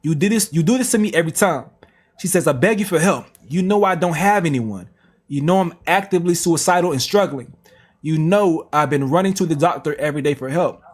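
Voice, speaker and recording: A man's voice: fairly high pitch, a little fast. A man reading text messages aloud on a reaction stream, with slangy asides. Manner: plain reading broken by slang asides and laughs.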